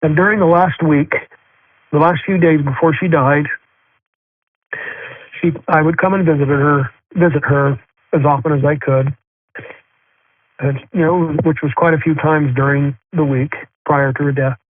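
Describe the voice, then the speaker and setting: A middle-aged man earnestly recounting a personal spiritual experience, speaking haltingly with many fillers and restarts. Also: on the high side, fairly even intonation, no room sound. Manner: earnest and heartfelt. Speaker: guest sharing a spiritual experience. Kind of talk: personal storytelling. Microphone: phone. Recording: tinny dry phone line.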